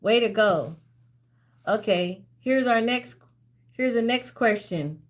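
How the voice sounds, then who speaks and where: A woman hosts a trivia game on a casual live stream, speaking slowly with an unhurried pace. She is out of breath and laughs between lines. She drifts off her phone mic now and then. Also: on the high side, animated. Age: older. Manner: chatty, laughing, reads out questions slowly. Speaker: livestream trivia host.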